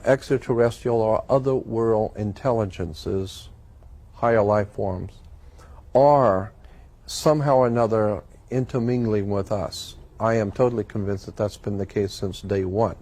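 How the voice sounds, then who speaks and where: Brief: male guest, mellow and warm, earnest storyteller in a talk interview. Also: fairly low pitch. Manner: earnest, deliberate, recounting quoted dialogue. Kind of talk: personal storytelling in conversation.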